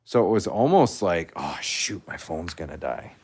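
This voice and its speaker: Man, very deep voice, out of breath, rambling livestream host, casual chat. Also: moderate pace, few pauses, a little hiss or hum. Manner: rambling, animated, restarts often.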